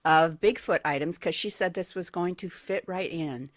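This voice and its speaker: A woman's voice: on the low side, normal speed, dry recording. A woman co-hosting a morning radio show, chatty and rambling in casual banter into a studio mic.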